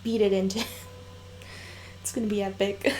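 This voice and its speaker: A woman's voice: mid-range voice, flat delivery, unhurried, darkish tone, a little hiss or hum. A woman hosting an anime reaction video, gushing and laughing between effusive comments in casual commentary. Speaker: anime reaction channel host.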